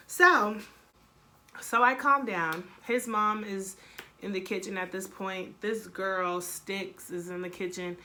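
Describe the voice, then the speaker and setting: A young woman with a bright, forceful voice tells a story to her camera in a casual, blunt way. She swears freely, talks in an animated way, and acts out the lines of the people in her story. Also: mid-range voice, takes it slowly, slight background noise. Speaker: vlogger.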